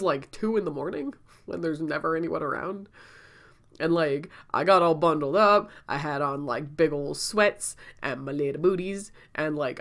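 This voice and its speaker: A vlogger doing a casual story-time video while sick and out of breath chats and rambles in a low-pitched voice. She often laughs and coughs between thoughts.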